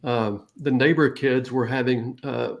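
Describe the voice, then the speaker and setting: A man's voice: medium pitch, steady tone, measured pace, vocal fry. A middle-aged man co-hosting a casual talk show, telling a family story and laughing often. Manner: tells stories with laughs. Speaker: co-host.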